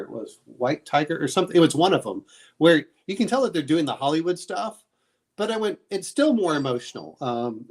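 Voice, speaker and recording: A man hosting a casual chat, rambling through recommendations with many fillers and restarts. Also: fairly high pitch. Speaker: podcast host.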